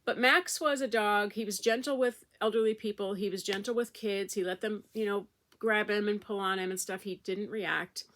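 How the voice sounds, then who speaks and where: A woman's voice: mid-range voice, steady tone, moderate pace, a bit bright, slight background noise. A middle-aged woman vlogger chatting casually to camera, telling a rambling personal story with fillers and restarts.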